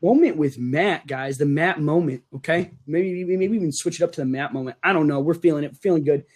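A man's voice: fairly high pitch, a little fast. A young man co-hosting a casual podcast, ranting and joking with his co-host, tagging lines with "okay?". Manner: ranting, animated, says okay often.

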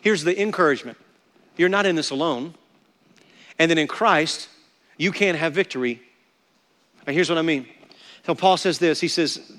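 A man's voice: high voice, normal speed, long pauses, fairly bright tone, in a large hall. A man preaching a sermon as pastor, emphatic and repeating words for stress.

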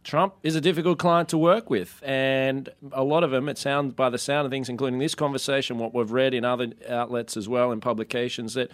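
A man with an Australian accent, a correspondent giving measured, fluent analysis. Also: medium pitch, steady tone, dry recording. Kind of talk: guest analysis.

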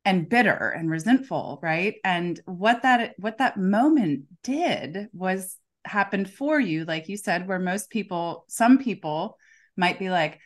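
A woman's voice: mid-range voice, animated, takes it slowly. A woman coach co-hosting a casual conversation, talking emphatically and often checking in with "right?". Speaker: coach and podcast co-host.

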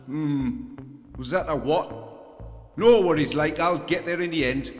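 A man's voice: fairly high pitch, a little slow, big-room sound, soft background music. A man in a comedy audio drama, tacking "like" onto his lines. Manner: lively, tacks "like" onto lines. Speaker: scientist character and announcer.

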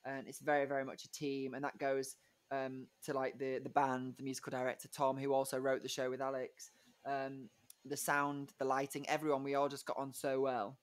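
A man's voice: medium pitch, completely flat delivery, brisk. A young man, a musical theatre performer chatting casually in an interview, rambling and giggly with lots of fillers.

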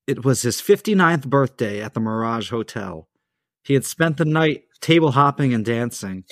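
A man's voice: mid-range voice, no echo. A man telling a story on a casual podcast, reading from his script but breaking off for offhand asides. His voice sits in the middle of the range. It is recorded close and dry. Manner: laid-back, reading with asides and chuckles. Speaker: podcast host.

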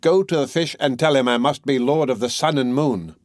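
A man's voice: mid-range voice, fairly quick, darkish tone, no room sound, natural voice. A greedy, imperious fisherman's wife from an old storybook, always wanting more, as a man reads her lines. She gives orders in a dry, close voice. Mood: demanding.

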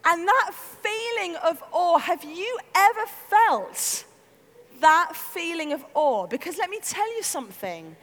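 High lively lady preaching, big swoopy voice, echoey church hall. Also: slow. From North London. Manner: animated, acts out voices, laughs often. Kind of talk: lively storytelling sermon.

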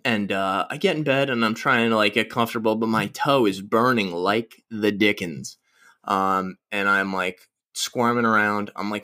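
A man's voice: lowish voice, normal speed, pushed and bright. A young man hosting a casual solo podcast, rambling through stories with crude, self-mocking jokes. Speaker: podcast host.

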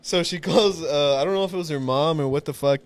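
A man's voice: on the high side, brisk, no echo. A man casually telling a long story on a podcast, rambling with many restarts and fillers. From Laredo, Texas.

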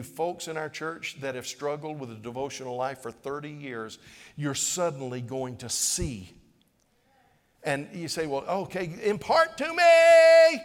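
Addressing his congregation, a middle-aged pastor preaches a sermon in a mid-pitched, earnest, pleading voice. He circles back to the same phrases again and again, and the sanctuary's long reverb trails after every line.

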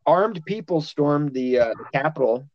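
Crude, loud-laughing podcast man. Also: a little high, lively intonation, moderate pace, dry recording, dull audio. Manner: crude, swearing, laughing often. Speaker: podcast host. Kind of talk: casual chat.

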